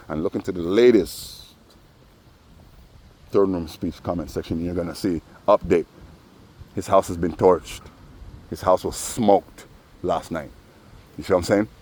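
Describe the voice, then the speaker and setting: A man's voice: deep voice, darkish tone. A man telling profane, rambling stories full of asides in a personal vlog. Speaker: vlogger.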